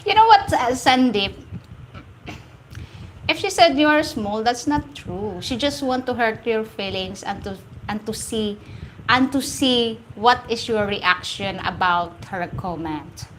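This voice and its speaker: A woman's voice: a little high, expressive, a little slow, fairly bright tone, a little hiss or hum, low-quality recording. A woman with a Filipino accent hosting a casual live stream, reading out viewer comments, teasing and laughing often as she repeats her phrases. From Philippines. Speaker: livestream host.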